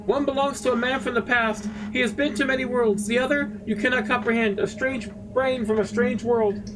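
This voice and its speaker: A man's voice: very high-pitched, moderate pace, recorded from a distance, voice pushed up. A man voicing the desperate brain of a man trapped inside a machine, begging in an anguished, pleading way. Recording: steady background noise.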